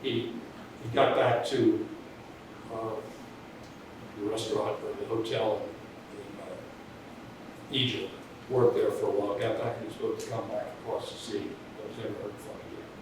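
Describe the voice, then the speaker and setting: A man's voice: on the low side, little pitch movement, moderate pace, pauses often. Man telling a story from far off. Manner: rambling, restarts, chuckles at his own story. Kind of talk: casual anecdote. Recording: distant echoey room with background noise.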